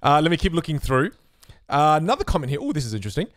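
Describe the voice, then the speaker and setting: A man's voice: a little high, very fast, dry recording, studio quality. A young man, a magic instructor, answering viewer questions on a live stream in a casual, chatty way and acting out the voices of spectators. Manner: chatty, animated, acts out voices of spectators and hecklers.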